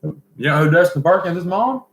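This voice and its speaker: A folksy Southern man hosts a casual livestream from an echoey room, rambling and reading viewer comments aloud. His voice sits high and sounds animated and a bit bright, at a moderate pace.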